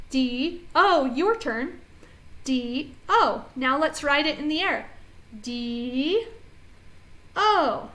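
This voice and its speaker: A woman teaching an early reading phonics lesson to children, speaking clearly and encouragingly as she models each sound. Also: high-pitched, lively intonation, drawn-out words, long pauses, a bit bright, poor audio.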